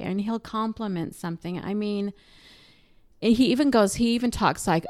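A middle-aged woman chatting casually as co-host, telling family stories and acting out the voices in them. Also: normal speed. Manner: animated storyteller, acts out quotes with big pitch jumps. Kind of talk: casual chat.

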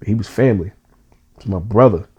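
A man's voice: on the low side, normal speed, darkish tone, husky, lo-fi sound. A man co-hosting a podcast, telling a personal story in an earnest, emotional way with casual slang.

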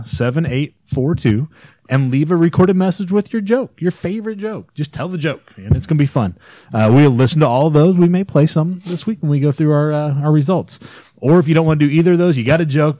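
A man's voice: fairly high pitch, dark tone, no echo. A man hosting a podcast in casual chat, laid-back, with lots of "all right" and "you know". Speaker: podcast host.

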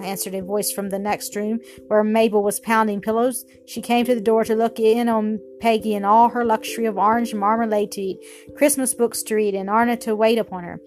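A woman narrates a storybook in a gentle, expressive way. Her voice sits a little high, and soft music plays faintly underneath. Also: a little fast.

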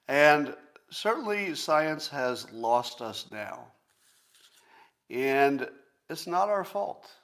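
A man in his sixties hosting a solo commentary show, talking in an emphatic, sarcastic and profane way and repeating points slowly for emphasis. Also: a little high. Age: 60s. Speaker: podcast host.

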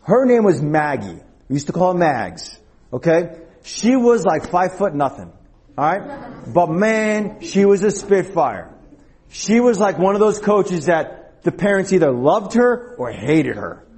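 A man with a fairly high, husky voice preaches to young people like a storyteller. He keeps stopping to ask "okay?" and "all right?", and he acts out the lines he quotes as he tells the story. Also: big pitch swings, unhurried, a little mellow. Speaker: youth preacher. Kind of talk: sermon with storytelling.

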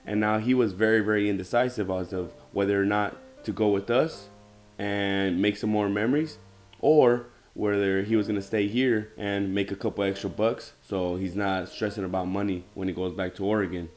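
A man's voice: lowish voice, steady tone, normal speed, a little mellow, faint music behind. A man hosting a podcast, telling a short story to lead into a question for his guest. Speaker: podcast host. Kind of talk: casual podcast talk.

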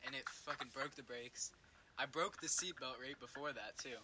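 A man's voice: mid-range voice, moderate pace. A young man casually telling a rambling story, swearing constantly and laughing as he goes. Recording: noisy recording with clicks.

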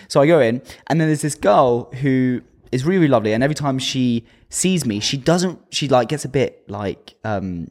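Animated man telling a story. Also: medium pitch, moderate pace, hardly any pauses. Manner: animated storyteller, laughs often, acts out quotes. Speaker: podcast co-host. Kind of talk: casual chat.

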